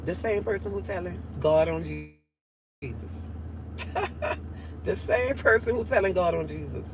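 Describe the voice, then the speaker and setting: A woman's voice: mid-range voice, animated, measured pace, background noise. A nasal-voiced woman with a New Orleans accent chatting casually on a livestream, reading out viewer comments in a drawling way. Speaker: livestream host.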